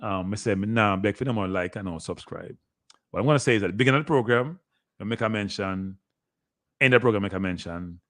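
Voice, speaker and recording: A man's voice: on the low side, fast talker, a bit bright, no echo. A middle-aged man with a Jamaican accent, hosting a live sports show in a chatty, repetitive way and talking straight to his viewers. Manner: chatty, repeats himself, talks straight to viewers. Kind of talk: casual live-stream commentary.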